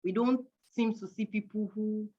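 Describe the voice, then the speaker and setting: A woman's voice: mid-range voice, steady tone, moderate pace, mellow. A woman, hosting an online parenting event in a playful, chatty way, counting aloud and teasing the audience. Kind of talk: lively live-stream quiz hosting. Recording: dull lo-fi online stream audio.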